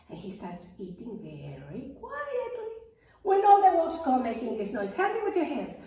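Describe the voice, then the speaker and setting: A woman music teacher guides little children through rhythm with a slow, sing-song delivery. Her high voice swoops lively up and down. The sound is very echoey and comes from a mic placed away from her. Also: very noisy. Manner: slow, sing-song, encouraging call-and-response. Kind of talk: lesson for young children. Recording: echoey room, mic far off.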